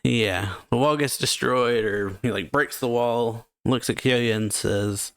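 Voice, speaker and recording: A man's voice: mid-range voice, slow, clear, resonant tone, dry recording, studio quality. A man hosting a reaction channel, casually recapping a manga chapter and reading its lines aloud, with rambling filler-heavy talk. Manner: rambling, filler-heavy, strings lines together with "and then, yeah".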